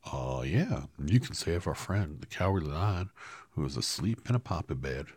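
A man's voice: very deep voice, very animated, moderate pace, a little mellow, slightly rough, dry recording, exaggerated voice. A man doing an earnest scarecrow. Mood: eager. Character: cheerful, earnest straw scarecrow, male.

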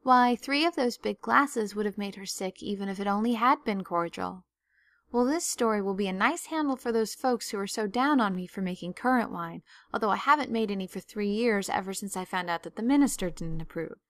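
A stern older woman, clipped and no-nonsense, scolding briskly, as a woman reads her. She pitches lower and steadier than the young girls around her. The sound is dry. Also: fairly bright tone, dry recording, close to an everyday voice.

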